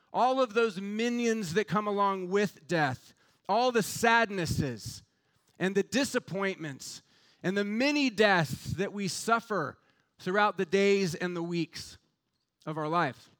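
A man's voice: sits high, a bit bright. A man preaching an Easter sermon with fervent, building rhetorical emphasis. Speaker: pastor.

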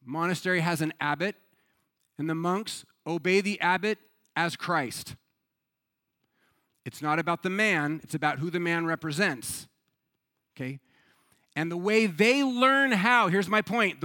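Bright-voiced man preaching a sermon. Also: high-pitched, no echo. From United States. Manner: animated storytelling, conversational with rhetorical questions. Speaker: pastor.

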